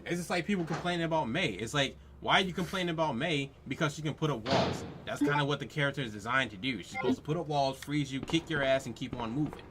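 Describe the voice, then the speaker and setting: A man's voice: mid-range voice, fast talker, hardly any pauses, background noise. Exasperated ranting man. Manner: exasperated, profane, repetitive rhetorical questions. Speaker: let's play host. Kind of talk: ranting gameplay commentary.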